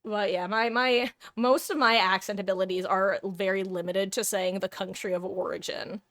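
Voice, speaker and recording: A woman streamer talks casually to her chat at an ordinary pitch. She rambles from thought to thought, restarting her sentences and breaking into laughs. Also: steady tone, normal speed, a bit bright. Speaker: livestreamer.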